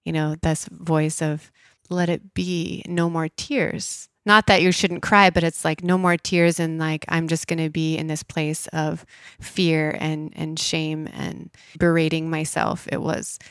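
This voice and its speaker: A woman in her thirties shares a deeply personal story as a podcast guest. Her voice sits a little low and sounds dry and close. She leans on "like" and sometimes drops into a soft hush. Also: flat delivery, measured pace, clear, resonant tone, dry recording. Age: 30s. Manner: emotional, frequent "like" fillers, soft hushed inner voice at times.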